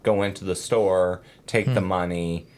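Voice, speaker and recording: A man's voice: low voice, fairly even intonation, normal speed, clean tone. A man hosting a casual true crime podcast, telling the case in a rambling way with many fillers and self-corrections.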